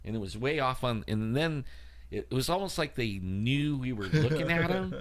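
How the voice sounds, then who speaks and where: A man's voice: medium pitch, animated, moderate pace. A man co-hosting a paranormal talk show, telling a rambling story in a casual way, full of "like" and "you know.". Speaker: co-host and field investigator. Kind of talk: casual chat.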